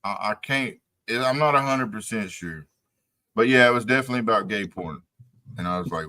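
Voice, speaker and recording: A man's voice: fairly low pitch, a little fast, bright, forceful tone. A man co-hosting a podcast, chatting casually and profanely, retelling stories with quoted reactions. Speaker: podcast co-host. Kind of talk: casual late-night chat.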